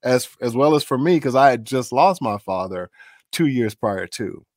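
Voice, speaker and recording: A man's voice: mid-range voice, normal speed, no echo, clean studio sound. A middle-aged man, a voice actor, telling stories in a casual interview and acting out the voices of the people he quotes. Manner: animated storyteller, acts out quoted voices. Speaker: voice actor guest.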